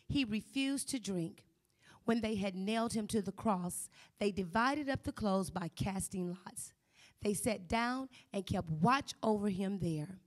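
A woman reading a scripture passage aloud in a steady, careful way, with small slips. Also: medium pitch. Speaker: scripture reader.

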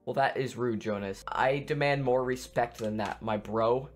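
A man giving excitable let's play commentary on a video game, screaming and making silly sound effects. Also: mid-range voice, normal speed, few pauses, soft background music. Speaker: gaming YouTuber.

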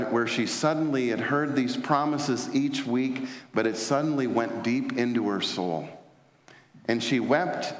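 A man preaching a sermon as pastor, telling stories with frequent fillers and restarts. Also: medium pitch. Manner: storytelling, many fillers and restarts. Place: large church sanctuary. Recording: echoey church hall.

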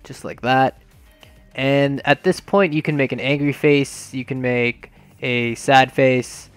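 A man giving a casual, rambling game tutorial voice-over, filling pauses with ums and uhs as he walks through each step. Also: mid-range voice, smooth, no echo, soft background music. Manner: rambling and relaxed, many fillers, talks through each step. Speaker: video game tutorial maker.

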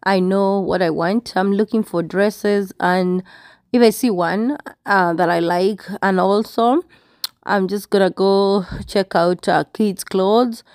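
A woman's voice: mid-range voice, fairly even intonation, slow pace, darkish tone, no echo. A woman vlogging in a chatty, rambling way, laughing at herself as she talks about shopping. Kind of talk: casual vlog chat.

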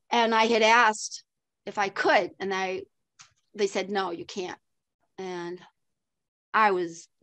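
An older woman, a podcast guest, telling a story in an animated way with frequent laughs and acted-out dialogue. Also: medium pitch, no echo. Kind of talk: storytelling interview.

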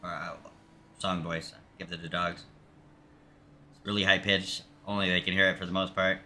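A man streaming a racing game, chatting casually with halting, rambling restarts and a joking manner. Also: low-pitched, level tone, pushed and bright. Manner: jokey, talks to himself and chat. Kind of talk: casual gameplay commentary.

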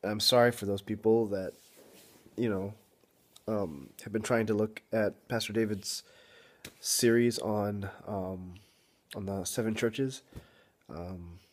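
A young man talking straight to camera in a casual vlog, frustrated and apologetic, halting with many ums and restarts. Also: on the low side, fairly even intonation. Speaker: vlogger.

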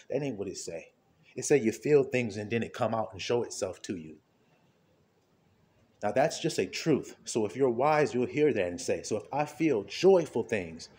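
Animated man preaching an informal sermon. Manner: conversational, rhetorical questions, frequent laughter; wide swings between low murmurs and high exclamations.

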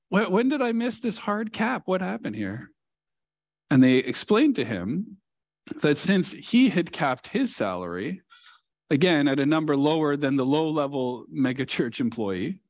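A male pastor preaching a sermon in a church, telling a story earnestly and leaning hard on key words. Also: a little high. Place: church sanctuary.

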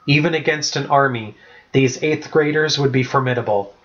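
A man reading a chapter-book story aloud as a first-person narrator, with a steady, even-paced delivery. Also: mid-range voice, normal speed, muffled recording. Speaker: audiobook narrator.

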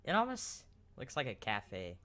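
A man hosting a let's play, chatting casually while building in a game, quick to direct and redirect his partner. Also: mid-range voice, huge pitch swings, a little hiss or hum. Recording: keyboard clicks loud behind voice. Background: keyboard clicking.

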